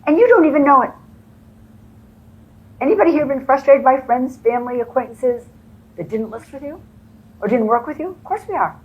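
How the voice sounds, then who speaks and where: A woman's voice: high voice, animated, fairly quick, pauses often, lo-fi sound. A woman training real estate agents, telling stories and acting out the dialogue in a motivational presentation. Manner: storytelling, acts out quoted dialogue. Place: conference room before a live audience.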